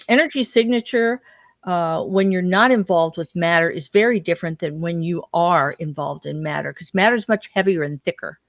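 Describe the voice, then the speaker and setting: A woman's voice: on the low side, dry recording, clean studio sound. A woman guest in an interview, telling stories and acting out the people she quotes. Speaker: guest researcher. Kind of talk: interview storytelling.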